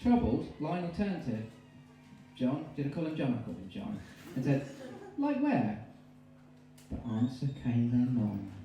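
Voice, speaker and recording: A man with an English accent telling an absurd story in stand-up, rambling and cutting in with deadpan asides. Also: medium pitch, moderate pace, muffled recording, soft background music. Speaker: stand-up comedian. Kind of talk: stand-up storytelling with silly voices. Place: live comedy venue. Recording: distant, very echoey room mic.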